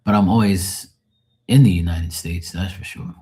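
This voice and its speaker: A man's voice: deep voice, moderate pace, mellow, breathy edge. A Bermudian man hosting a live stream as a tarot reader, chatting loosely and jokingly and swearing freely. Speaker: livestream host and tarot reader. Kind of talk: casual live-stream chat. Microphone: phone.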